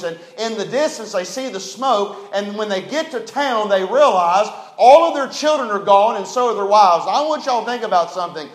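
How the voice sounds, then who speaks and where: A man preaching a sermon as pastor, telling stories folksily and swinging from loud emphasis to a hushed low voice. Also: reverberant, low-quality recording.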